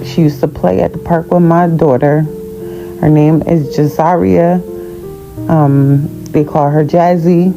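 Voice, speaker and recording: Woman, slow and measured, earnest vlog talk over clear guitar music. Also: sits low, fairly even intonation, poor audio. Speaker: parent sharing a fundraiser. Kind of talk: casual informative vlog talk.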